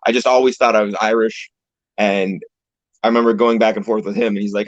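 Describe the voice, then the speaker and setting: A young Canadian pro wrestler, appearing as an interview guest over a video call, speaks a little fast in a lowish, fairly flat voice. He's laid-back and rambling with casual swearing, and the call audio is dull, lo-fi, and dry with no echo.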